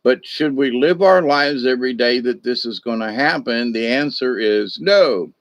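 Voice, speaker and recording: In a dry recording, a middle-aged man with a medium-pitched voice speaks at normal speed. He hosts a casual spiritual discussion, rambling in a folksy manner and repeating himself.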